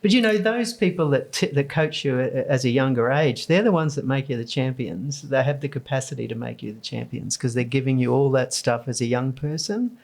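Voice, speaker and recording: Australian woman in her sixties, guest storyteller, animated, acts out quotes. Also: extremely low pitch, fairly quick, hardly any pauses. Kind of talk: storytelling in a podcast interview.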